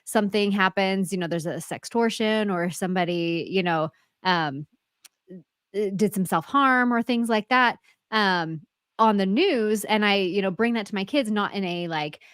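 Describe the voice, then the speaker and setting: A woman's voice: mid-range voice, normal speed, a bit bright, clean tone, no echo. Chatty woman host, eager and upbeat, recorded dry with no room. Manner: enthusiastic, chatty, laughs often. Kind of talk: casual interview chat.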